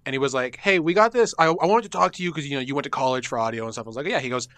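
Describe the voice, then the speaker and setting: Bright, animated man telling a story. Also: medium pitch, racing, no echo. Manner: animated storyteller, acts out quotes loudly, swears. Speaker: podcast co-host and editor. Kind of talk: casual chat, storytelling. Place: small studio.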